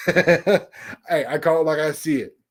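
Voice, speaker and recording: This livestream host is a man whose voice sits a little high, and he talks at a slow pace. In a casual chat he says hello to viewers and speaks bluntly, with lots of swearing and frequent restarts.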